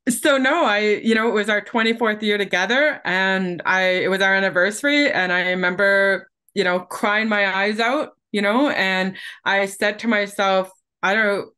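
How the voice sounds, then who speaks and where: A woman's voice: medium pitch, moderate pace, few pauses, smooth. A woman in her forties, a guest and public speaker, telling her story candidly and with animation in an interview. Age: 40s. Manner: candid, animated storyteller who laughs easily.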